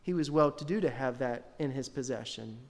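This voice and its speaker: A man's voice: mid-range voice, a little fast. A man giving a sermon as pastor, talking in a conversational way and putting questions to the congregation. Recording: long hall reverb.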